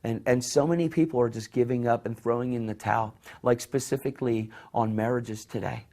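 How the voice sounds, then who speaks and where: A man's voice: mid-range voice, fairly even intonation, a little fast. Impassioned male preacher telling a story. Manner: impassioned storytelling, acts out voices softly; repeats words and restarts phrases. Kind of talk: sermon.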